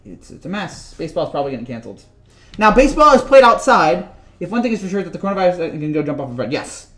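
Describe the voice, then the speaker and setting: High-voiced rambling sports vlogger man. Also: very animated, fast talker, a bit bright, faint music behind. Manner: rambling, joking, repeats himself. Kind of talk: casual vlog rant.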